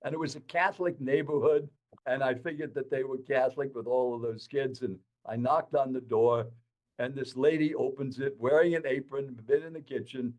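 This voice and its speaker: On a rough recording, an older man, a professional speaker, guests on a podcast and tells a story from his own life. His medium-pitched voice moves at normal speed as he animatedly addresses the listener directly.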